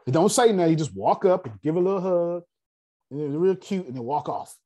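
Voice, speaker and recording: Man running a class with a dark, husky voice, digressive storyteller. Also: on the high side, a little fast. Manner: animated, digressive, addresses the audience directly. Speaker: class leader. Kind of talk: casual teaching and storytelling.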